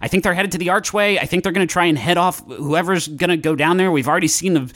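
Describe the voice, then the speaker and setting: A man putting on a jittery young fellow, high-pitched, stammering, rushed, flustered. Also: fairly bright tone. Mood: anxious. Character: young man, panicky and rambling.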